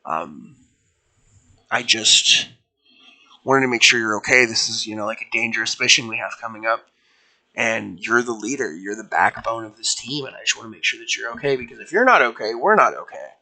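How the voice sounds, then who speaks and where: A man voicing a kind, perceptive male ice cream genie in his own plain voice, speaking softly and caringly. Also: on the low side, expressive, normal speed, exaggerated voice. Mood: concerned. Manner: gentle, soft-spoken and caring.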